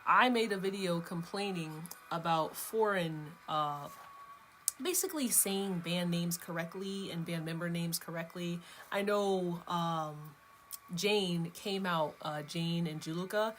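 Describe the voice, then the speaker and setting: A woman with a somewhat low voice talks to her viewers in a loose, rambling vlog chat. She drifts from point to point and laughs easily between thoughts. A faint hum of room noise sits under her voice. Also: a little slow, sharp tone. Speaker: vlogger host. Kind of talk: casual chat.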